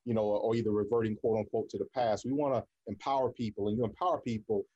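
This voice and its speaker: A man's voice: fairly low pitch, steady tone, fast, mellow, lo-fi sound. A man hosting a radio talk show, speaking in an encouraging, preacher-like way with repeated phrases.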